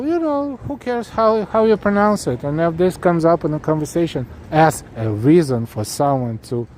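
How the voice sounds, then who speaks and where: A man's voice: a little high, darkish tone. Chatty man walking a city street. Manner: chatty, earnest, talks straight to viewers. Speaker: live-stream walking tour host. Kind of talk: casual live-stream chat while walking, reading chat aloud. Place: outdoors on a city street at evening. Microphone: handheld camera rig while walking. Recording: outdoor street recording with faint traffic noise. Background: faint city street noise and traffic.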